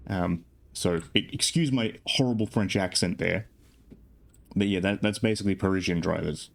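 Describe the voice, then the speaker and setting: A man's voice: low-pitched, moderate pace, gravelly. A sleep-deprived man streaming a driving game, rambling casually with self-deprecating jokes. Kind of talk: casual gameplay commentary.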